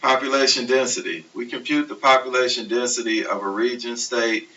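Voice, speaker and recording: A man teaching a recorded math lecture, explaining steps slowly and methodically. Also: medium pitch. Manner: steady, methodical explaining, self-correcting. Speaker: math instructor. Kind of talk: recorded lecture over slides. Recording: distant, dull, hissy classroom recording.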